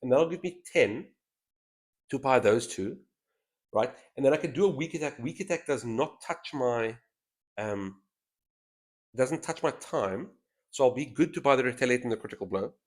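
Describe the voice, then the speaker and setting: A man talking through his turns in a solo board game, voice rising and falling with a lively, animated range. He weighs options out loud in relaxed, casual commentary. He speaks into a thin headset boom mic. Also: normal speed, pauses often. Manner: thinks aloud, weighing moves. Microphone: headset mic with a straw-like boom.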